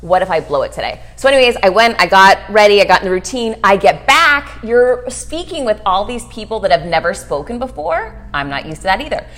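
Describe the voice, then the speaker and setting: Middle-aged woman guest, lively and quick, tells stories with acted-out lines; mid-range voice. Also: mid-range voice. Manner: animated, fast storytelling with acted-out quotes. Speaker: guest, author and speaker. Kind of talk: storytelling interview chat.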